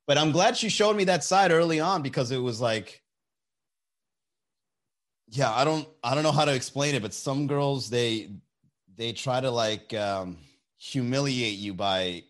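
A man's voice: mid-range voice, fairly bright tone. A young man hosting a casual chat, telling a story animatedly and profanely, acting out quotes.

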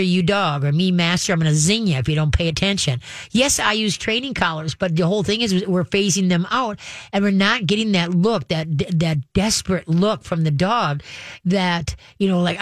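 A woman's voice: lowish voice, no echo, clean studio sound. A woman dog trainer, a guest giving casual advice in a folksy, rambling way. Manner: folksy and rambling, acts out dogs and owners.

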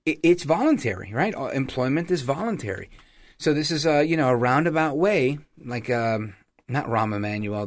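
A man talks through a political podcast monologue on his own, in a pitch squarely in the middle for a man. He keeps it animated and sarcastic, slipping into mocking voices as he acts out radio ads. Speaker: podcast host.

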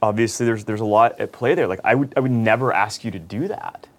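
Man, low voice, cofounder, earnest, reassuring, halting. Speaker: business cofounder. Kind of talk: candid conversation in a therapy session.

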